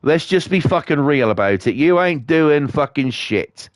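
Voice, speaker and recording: A man's voice: a little high, lively intonation, a little slow, no echo, studio quality. A British man streaming a game, ranting bluntly and swearing constantly as he chats to viewers. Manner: profane, blunt, scornful. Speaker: livestreamer.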